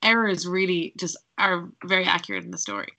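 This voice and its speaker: Woman player, bright tense voice, casual chatty talk, lots of fillers. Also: lowish voice, sing-song, fairly quick, creaky, slight background noise. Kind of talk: casual tabletop chat.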